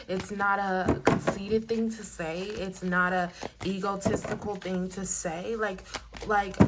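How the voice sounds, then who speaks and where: A woman's voice: mid-range voice, heavy background noise. Earnest woman giving an oracle card reading. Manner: earnest, affirming, animated and emotional. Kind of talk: casual spiritual card reading.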